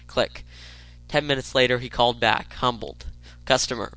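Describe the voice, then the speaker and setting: Bright-voiced man reading funny stories aloud. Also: medium pitch, dry recording, rough recording. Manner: chuckles and stumbles, with quick bursts of reading. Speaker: podcast host.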